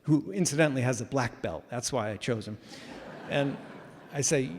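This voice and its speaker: A man telling a story live in a casual, animated way with self-mocking humor, heard in a reverberant hall. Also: medium pitch, moderate pace, slight background noise.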